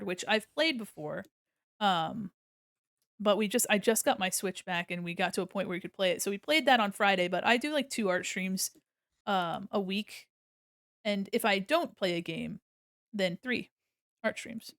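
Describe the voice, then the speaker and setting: Drawing live on stream, a chatty American woman giggles and thinks out loud in a medium-pitched, animated voice that's gravelly yet fairly bright. She talks at normal speed, and the recording is dry and close with no room sound.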